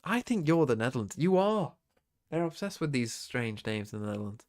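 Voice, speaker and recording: A man's voice: mid-range voice, big pitch swings, moderate pace, a little mellow. A man streaming, thinking aloud and swearing as he works through a quiz game on his own. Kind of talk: casual muttering while playing a quiz game.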